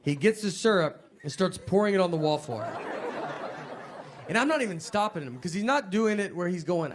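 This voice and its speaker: A man in his thirties doing a slow, deadpan stand-up routine on a comedy stage, with drawled fillers. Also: high-pitched. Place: comedy stage before a laughing audience. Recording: live show with audience noise.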